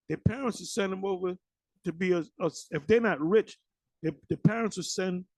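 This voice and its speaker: A man's voice: high voice, a little mellow, no echo, rough recording. A man preaching informally, blunt and profane, often restarting and repeating words.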